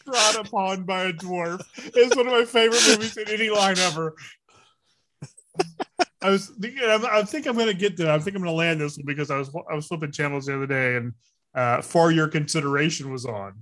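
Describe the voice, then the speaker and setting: A middle-aged man in casual chat as a podcast co-host, excitable and quick to joke and swear. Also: sits high.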